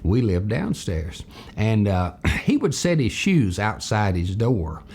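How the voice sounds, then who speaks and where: An older man from Tennessee, husky voice, telling a childhood story as a character lesson in a folksy, animated way. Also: fairly low pitch, takes it slowly. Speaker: storyteller teacher.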